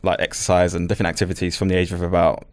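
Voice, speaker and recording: A man's voice: low-pitched, monotone, racing. A British man, a podcast guest, speaking earnestly and giving advice from his own experience. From Britain. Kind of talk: casual chat.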